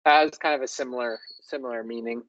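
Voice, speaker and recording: A man's voice: mid-range voice, steady tone, fast talker, fairly bright tone. A man co-hosting a casual language discussion, musing and repeating words aloud to try them out. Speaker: co-host. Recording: dull lo-fi dry recording.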